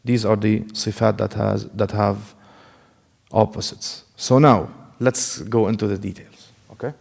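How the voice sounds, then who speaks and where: A man teaching Quran recitation in a class lecture. He asks questions and answers them himself, and he demonstrates Arabic sounds slowly and step by step. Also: lowish voice, fairly even intonation, creaky, darkish tone.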